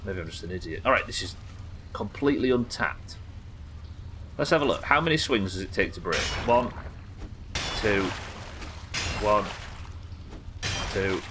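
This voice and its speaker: A man's voice: on the low side, animated, measured pace, pauses often, noisy background. A young English man chatting casually and rambling while streaming a game, swearing now and then. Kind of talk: casual live-stream chat while gaming.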